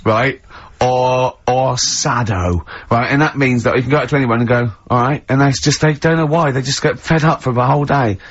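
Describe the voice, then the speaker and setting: A man's voice: medium pitch, fairly quick, hardly any pauses, slight background noise. A man hosting a radio show, rambling through absurd what-ifs in comic studio banter. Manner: rambling, spins absurd hypotheticals, laughs a lot. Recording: dull lo-fi radio sound.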